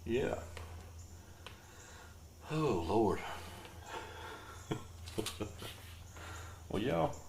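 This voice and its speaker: A man's voice: medium pitch, very animated, very slow, gravelly, long pauses. A man hosting a podcast, rambling through a laid-back, jokey monologue. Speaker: podcast host. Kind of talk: casual comedic monologue. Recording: roomy echo with faint background noise.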